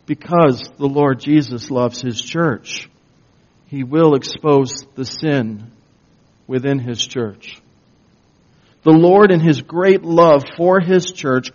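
A man preaching a sermon as pastor, slow and emphatic, building to intense bursts. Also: fairly high pitch, darkish tone. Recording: dull lo-fi recording.

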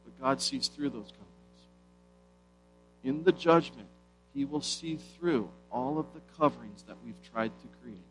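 A man's voice: medium pitch, measured pace, long pauses, fairly bright tone, soft background music, rough recording. A man preaching a sermon with emphatic stresses and rhetorical questions.

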